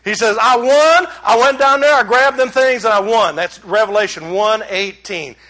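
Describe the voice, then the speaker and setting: A man preaching a sermon, addressing the congregation as y'all and swinging between loud exclamations and hushed asides. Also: high voice, moderate pace. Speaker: pastor.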